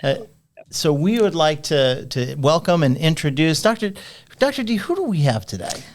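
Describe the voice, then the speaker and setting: A man hosts a podcast in an easygoing, chatty way. He jokes and plays with his co-host. His pitch moves in a lively, animated way. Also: moderate pace. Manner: joking, playful. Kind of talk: casual podcast conversation.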